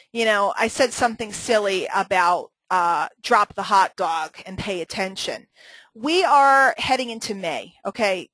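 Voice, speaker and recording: A woman's voice: mid-range voice, a bit bright, no echo, rough recording. A woman hosting a live marketing webinar, chatty and joking, laughing often as she teaches. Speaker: webinar host and marketing trainer.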